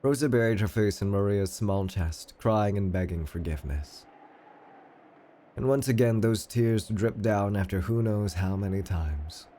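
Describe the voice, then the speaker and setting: A man streaming himself reading a visual novel aloud in a steady, low-key narrating voice. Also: measured pace, slight background noise.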